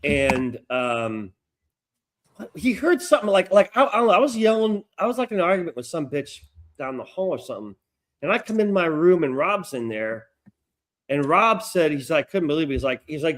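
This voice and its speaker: A man's voice: fairly high pitch, very animated, moderate pace, a bit bright. A middle-aged man co-hosting a podcast, telling a long, profane story in casual chat. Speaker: podcast co-host.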